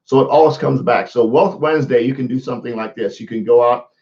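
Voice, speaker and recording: A man's voice: mid-range voice, fast, highs cut off. A man coaching viewers in a casual live social media talk, often repeating words and restarting his sentences. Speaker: motivational coach.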